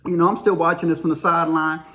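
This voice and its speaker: A man's voice: a little high, little pitch movement, quick pace, pushed and bright. A man telling a story in a rambling, slangy way, full of fillers. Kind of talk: casual spoken storytelling.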